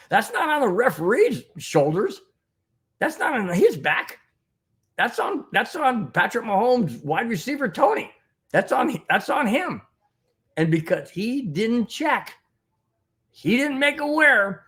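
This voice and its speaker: A man's voice: high voice, a bit bright. A man hosting a fan podcast, ranting with indignation and rambling with repeated phrases and restarts while he reads chat comments. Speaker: podcast host reading live chat. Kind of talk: heated sports recap with chat.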